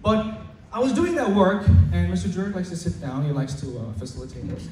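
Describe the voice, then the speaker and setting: A male student in his late teens doing stand-up comedy at school, chatty and stammering, loudly acting out his teachers. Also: high voice, sing-song, a little fast. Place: school hall with an audience. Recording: echoey hall recorded from far off. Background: audience laughter and room noise.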